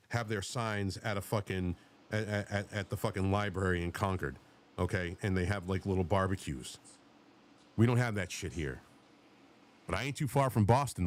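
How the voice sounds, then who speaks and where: A man's voice: deep voice, darkish tone, a little hiss or hum. A man hosting a podcast, delivering a blunt, profane, combative political rant.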